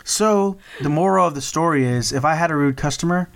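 A man in casual chat, telling a story with dry, deadpan jokes. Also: fairly high pitch, brisk.

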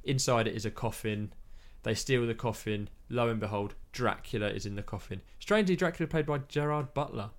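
A man's voice: mid-range voice, fairly quick, few pauses. A man chatting casually about films, rambling with many fillers and restarts. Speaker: podcast co-host.

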